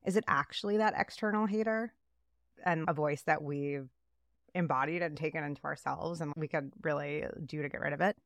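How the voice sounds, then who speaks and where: A woman co-hosts a casual podcast chat in a low voice with a gravelly edge. She talks in an animated way and slips into the voices she quotes. The sound is dry and close. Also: fairly quick, no room sound. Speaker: podcast co-host.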